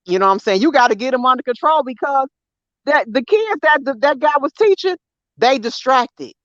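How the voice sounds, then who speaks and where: A woman's voice: high-pitched, animated, normal speed, no echo. A woman, co-hosting a casual podcast chat, talking bluntly and emphatically with plenty of slang. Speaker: podcast co-host. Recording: dry, slightly dull sound.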